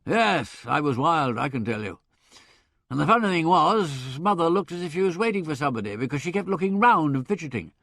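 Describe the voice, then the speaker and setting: A man voicing a brash, hearty young Englishman in an audiobook, chatty and blustering, with loud laughs. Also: fairly high pitch, expressive, brisk, dry recording, clean studio sound. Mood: indignant. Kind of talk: audiobook character voice.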